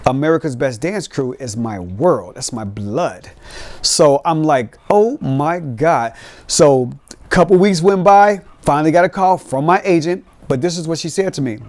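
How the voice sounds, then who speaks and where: A man hosting a podcast, telling lively, streetwise stories and acting out beats with his mouth. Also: fairly high pitch, dry recording. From Cincinnati. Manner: animated, streetwise storytelling with sound effects. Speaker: podcast host. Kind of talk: storytelling.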